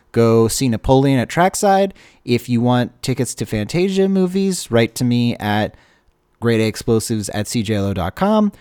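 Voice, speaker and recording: Self-deprecating college radio host, a man with a bouncy, animated voice and a dry studio mic sound. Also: medium pitch, dry recording. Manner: rambling, self-deprecating, many fillers. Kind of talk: casual radio show chatter.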